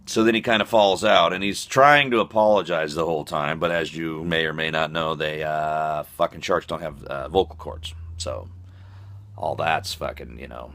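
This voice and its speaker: A man's voice: extremely low pitch, normal speed, fairly bright tone. A man telling a comic, profane, rambling story full of fillers. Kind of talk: comic monologue.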